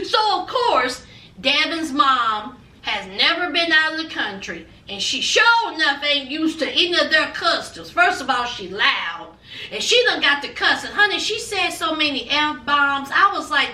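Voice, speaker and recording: A woman's voice: high voice, measured pace, echoey room, distant mic. A woman, recapping a reality show in a sassy, chatty way, calling listeners honey and child. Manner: sassy and animated, calls viewers honey and child, acts out quotes.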